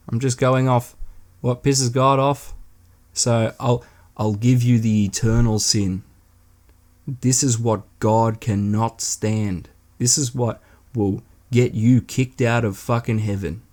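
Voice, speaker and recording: A man's voice: mid-range voice, darkish tone. A young man hosting a solo podcast, delivering an irreverent, sweary, mocking rant in casual talk. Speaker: podcast host.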